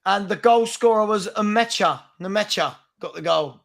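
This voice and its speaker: A man's voice: sits high, a little slow, creaky, a bit bright. A man on a casual football panel, breaking in with score updates. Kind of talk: casual chat.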